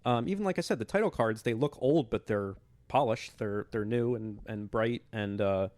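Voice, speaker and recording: A man's voice: on the low side, moderate pace, a little mellow, no echo. A man co-hosting a podcast, in casual film chat. He is enthusiastic and rambling, restarting his sentences often. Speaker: podcast co-host.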